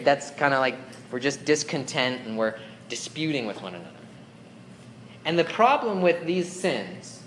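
Here the young youth pastor's voice sits mid-range and a bit bright, with a little hiss or hum on the recording. His sermon stays casual and conversational, packed with fillers and playacted whiny complaints, all bouncing around an echoey room with faint ambience.

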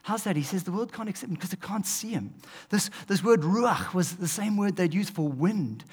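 A man preaching a sermon, animated, swinging between loud emphasis and hushed asides. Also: high voice, normal speed, slightly rough. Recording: long hall reverb.

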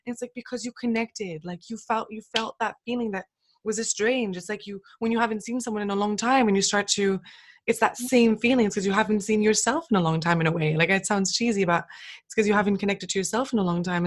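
A woman's voice: medium pitch, fairly even intonation, fast. A woman hosting a podcast in casual chat, talking freely, laughing often and acting out little quoted lines. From England. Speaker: podcast host.

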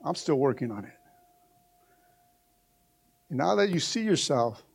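A middle-aged male pastor preaching a sermon to his church, swinging from shouted exhortation to a quiet, close tone. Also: on the high side, sing-song, measured pace, gravelly, breathy edge. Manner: preaching with rising shouts, then dropping to a hushed, intimate tone. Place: church sanctuary.

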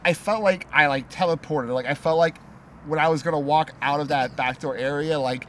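A man's voice: fairly high pitch, brisk, fairly bright tone, a little hiss or hum. A man in a casual podcast chat telling a rambling, profanity-filled story full of "like". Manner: rambling, swearing, many likes. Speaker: podcast guest.

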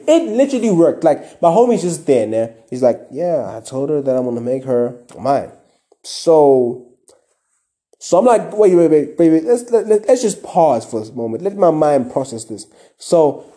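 Animated young man telling a story. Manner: animated, slangy, acts out quotes with big pitch swings. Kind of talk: casual storytelling to camera.

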